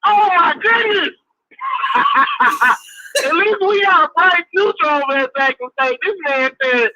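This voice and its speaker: A caller on a live sports show who reacts loudly, laughing in disbelief. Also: very high-pitched, animated, slow, poor audio. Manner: laughing, loud and incredulous. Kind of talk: call-in banter.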